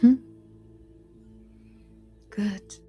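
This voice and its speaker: Eerie obsessive artist, softly intense, a woman playing it, in whispered role-play: slow, dark and breathy. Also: faint music behind. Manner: hushed, unsettling, softly intense.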